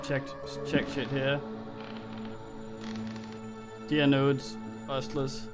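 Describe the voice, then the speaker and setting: A man's voice: mid-range voice, completely flat delivery, very slow. Male streamer, casual commentary, mumbling, swearing, game music underneath. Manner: rambling, mumbling, frequent swearing.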